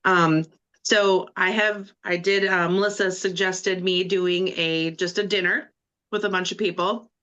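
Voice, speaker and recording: A woman on a team video call who shares a personal story in an emotional, animated way, with rambling restarts. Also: fairly low pitch, unhurried, dull audio. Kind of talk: casual personal sharing.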